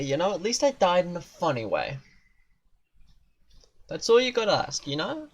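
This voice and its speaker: A man's voice: on the high side, very animated, normal speed, pauses often, a bit bright. A young man streaming a video game, talking to himself in a rambling, profane way about absurd ideas. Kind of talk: casual gaming commentary.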